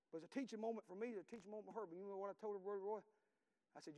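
A man's voice: high-pitched, very fast, long reverb tail. A middle-aged man preaching a sermon in a fervent, folksy cadence and reading scripture in old-style phrasing.

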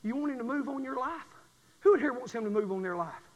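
A middle-aged man preaching a sermon, swinging from quiet testimony to shouted fervor. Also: very high voice, lively intonation, fast, long reverb tail.

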